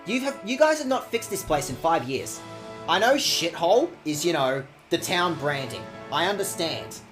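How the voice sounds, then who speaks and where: A man streaming a video game, chatting casually with his viewers in a sarcastic, animated way and swearing often. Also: on the high side, moderate pace, over music.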